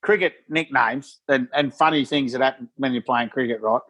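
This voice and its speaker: A man co-hosting a podcast in casual chat, telling stories in a lively, emphatic way. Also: medium pitch, moderate pace, husky. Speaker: podcast co-host.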